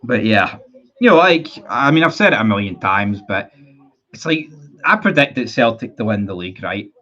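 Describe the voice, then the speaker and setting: A man's voice: fairly low pitch, sing-song, normal speed, bright, forceful tone, lo-fi sound. A Scottish man ranting heatedly about his football club on a live stream, reading chat messages and swearing often. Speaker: football fan livestreamer.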